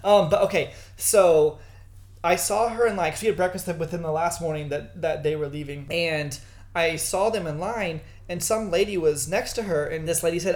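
A man co-hosting a podcast, telling stories in an animated, casual way and swearing now and then. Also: fairly high pitch, normal speed. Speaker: podcast co-host. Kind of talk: casual storytelling chat.

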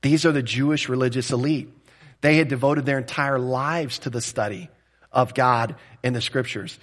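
A man's voice: mid-range voice, steady tone, normal speed. A man preaching an expository sermon as a pastor, talking in a conversational and direct way and often checking in with the listeners.

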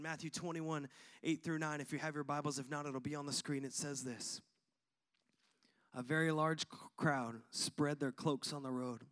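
A man's voice: fairly high pitch, fairly bright tone. A man preaching a sermon to his congregation, using repetition and call-and-response. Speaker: pastor.

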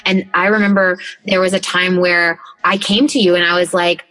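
A woman in casual conversation with a bright, forceful tone. She speaks candidly and emotionally, leaning heavily on filler words and swearing freely. She is recording from her closet. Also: lowish voice, level tone, normal speed, rough recording. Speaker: podcast co-host.

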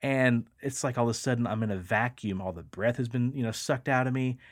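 A man's voice: mid-range voice, brisk, dry recording, clean studio sound. A man hosting a podcast, telling a story in a casual, rambling way, with lots of fillers and the odd swear word. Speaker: podcast host.

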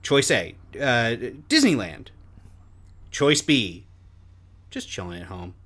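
A man's voice: deep voice, unhurried, husky. A man hosting a casual podcast guessing game, teasing and laughing as he tells stories. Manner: animated, teasing, laughs while telling stories. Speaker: host.

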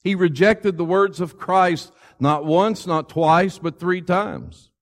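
A male preacher gives a sermon in a conversational, storytelling voice. He walks through the scripture story plainly and directly. His speaking voice sits a little higher than most men's. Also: lively intonation, slow pace.

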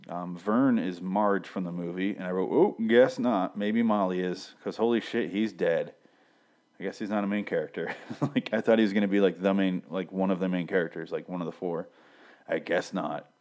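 A man with a very low voice recaps a TV episode in a loose, rambling way. He swears freely, restarts his sentences and drops deadpan jokes along the way. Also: fairly quick. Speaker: show reviewer.

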